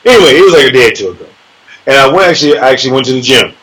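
A man's voice: medium pitch, very animated, very fast, a bit bright, poor audio. A man telling a sparring story in a casual chat, cursing freely, bragging and laughing as he acts out the punches with sound words. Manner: profane, boastful, laughs as he talks.

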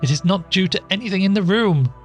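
A man voicing a frightened young woman in a ghost story, shrill and wailing with terror. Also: a little fast, darkish tone, soft background music, natural voice. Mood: terrified.

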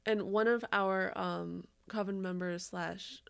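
A woman's voice: medium pitch, steady tone, takes it slowly, creaky, clean tone. A woman co-hosting a podcast in casual chat, rambling and giggly, swearing now and then. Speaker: podcast co-host.

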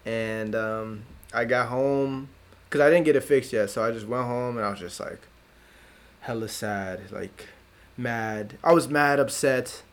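A young man co-hosting a podcast, chatting casually in relaxed slang and acting out the people in his stories. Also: unhurried, clean tone. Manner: laid-back slang, acts out his dad in a higher voice. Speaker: podcast co-host. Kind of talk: casual chat.

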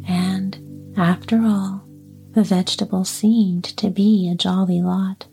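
A woman reading a children's story aloud in a soft, unhurried whisper. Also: mid-range voice. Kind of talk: whispered role-play.

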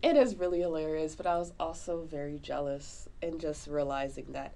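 A woman's voice: low voice, normal speed, creaky, mellow. A woman co-hosting a podcast, chatting casually and animatedly about a film, full of fillers. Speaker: podcast co-host. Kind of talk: casual movie review chat.

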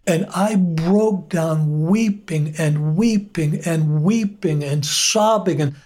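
Middle-aged male pastor, guest: slow, earnest testimony, voice sits a bit high. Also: darkish tone. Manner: earnest, unhurried storytelling with frequent pauses. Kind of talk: personal testimony in conversation.

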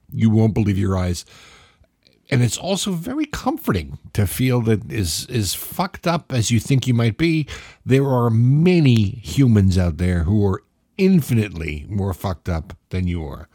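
A man hosting his own show, giving sardonic, deliberate recommendations with the odd laugh. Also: fairly low pitch, a little mellow, no room sound, clean studio sound. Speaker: podcast host. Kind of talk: casual comedic monologue.

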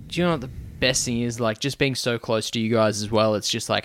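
A man's voice: medium pitch, steady tone, fast talker, fairly bright tone, no echo, studio quality. A young Australian man co-hosting a podcast, bantering casually and swearing freely. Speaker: podcast co-host. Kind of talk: casual chat.

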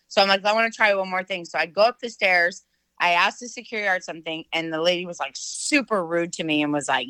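A middle-aged woman telling a personal story in casual chat, full of fillers and lively quoted voices. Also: lowish voice, brisk, no echo, rough recording. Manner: chatty, filler-heavy, animated quoting.

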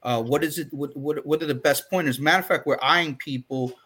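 A man's voice: a little high, a little fast, breathy edge. A man co-hosting a podcast, talking earnestly and emphatically in casual discussion. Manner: earnest, emphatic, gets loud and fired up. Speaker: podcast co-host.

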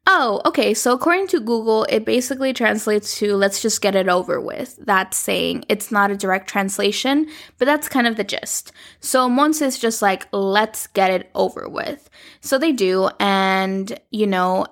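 Woman podcast host, casual recap chat, slight vocal fry, lively storyteller. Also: mid-range voice, normal speed. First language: Spanish. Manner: chatty, animated, acts out characters' lines in quotes.

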